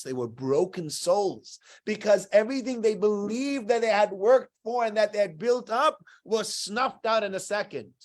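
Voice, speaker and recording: A man giving a weekly Torah talk in an animated, conversational storytelling manner. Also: high-pitched. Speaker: Torah teacher.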